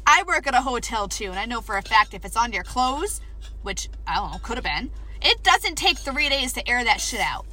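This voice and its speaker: A woman's voice: on the high side, a little fast. A woman co-hosting a casual chat show, telling stories with lots of swearing and laughter. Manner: swearing, animated storytelling, frequent laughs. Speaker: podcast co-host.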